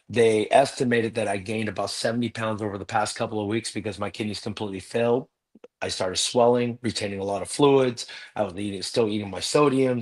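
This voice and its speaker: A man telling a personal story earnestly as a guest in a live interview. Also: lowish voice.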